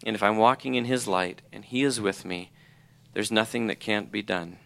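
A man's voice: lowish voice, moderate pace, creaky, fairly bright tone. A middle-aged man giving an earnest personal testimony, reading aloud from his own journal. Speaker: college president or ministry leader.

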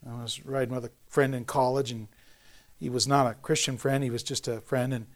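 A middle-aged man preaching a sermon in a conversational, joking way, with self-deprecating asides and animated storytelling. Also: medium pitch, a little fast. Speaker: pastor.

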